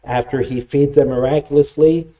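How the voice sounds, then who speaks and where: Guy preaching a sermon, dark mellow voice, gets loud then drops low. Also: normal speed. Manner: animated preaching, dramatic pitch swings, reads scripture quotes. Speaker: pastor.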